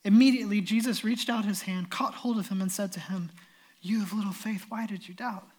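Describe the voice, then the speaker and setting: A man's voice: sits high, steady tone, brisk, a little mellow. Earnest male pastor preaching. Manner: earnest, storytelling, emphatic. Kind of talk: sermon with scripture reading.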